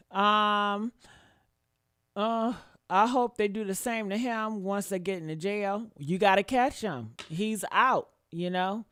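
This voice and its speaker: A woman's voice: medium pitch, slow pace, fairly bright tone, clear, resonant tone, dry recording. A woman doing reaction commentary on a livestream, blunt and profane, repeating her points and talking straight to her viewers. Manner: talks straight to her chat, asks for likes.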